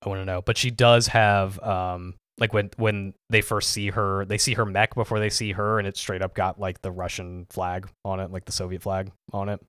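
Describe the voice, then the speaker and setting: A man's voice: low-pitched, level tone, moderate pace, few pauses, a bit bright, clear, resonant tone, no echo, clean studio sound. A man co-hosting a podcast in casual chat, rambling with lots of "like" and "um". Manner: rambling, full of "like" and "um". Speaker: podcast co-host.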